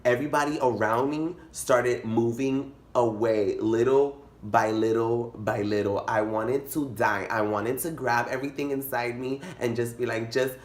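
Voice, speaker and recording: A young man telling a comic story in a vlog, animated and dramatic, jumping into high squeals. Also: measured pace, few pauses, slight background noise. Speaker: vlogger. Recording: echoey room.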